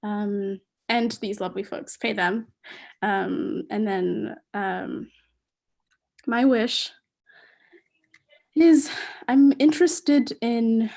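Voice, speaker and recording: Woman talking real slow on a call, gravelly voice, lots of ums. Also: medium pitch, darkish tone. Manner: slow, thoughtful, many ums. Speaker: guest speaker. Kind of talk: casual video call conversation.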